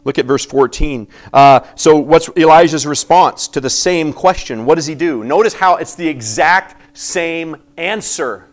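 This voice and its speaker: A man preaching a sermon, reading scripture aloud and acting out the voices in it, swinging from loud emphasis to quiet asides. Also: a little high, unhurried, hardly any pauses. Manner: animated preaching, acting out biblical voices with sudden quiet drops. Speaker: pastor.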